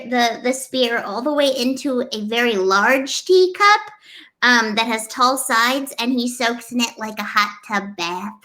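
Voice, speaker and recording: A woman playing a tabletop game, describing her character's actions in an excitable way. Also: high voice. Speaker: player.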